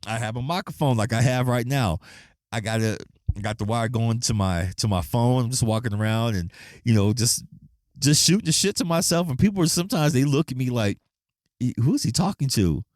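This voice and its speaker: A man hosting his own podcast, talking in a profane, animated rant and acting out the people in his stories. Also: medium pitch, brisk, no echo, clean studio sound. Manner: profane, animated storytelling with quoted voices. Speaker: podcast host. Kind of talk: casual solo podcast rant.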